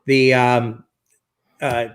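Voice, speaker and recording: A man's voice: mid-range voice, little pitch movement, very slow. A man in casual chat, asking questions in a chatty, curious way.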